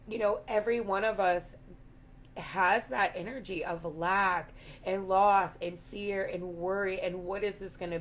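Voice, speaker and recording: A woman with a raspy voice giving an earnest, affirming spiritual talk to her viewers, repeating her points. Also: medium pitch, a little hiss or hum. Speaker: spiritual live-stream host.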